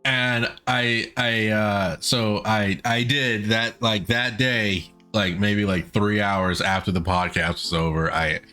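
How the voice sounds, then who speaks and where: A man hosting a stream, telling a story in a rambling, animated way with frequent laughs. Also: lowish voice, slow, few pauses. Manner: animated, rambling, laughing often, swearing casually. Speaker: podcast and stream host. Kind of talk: casual storytelling chat. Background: faint background music.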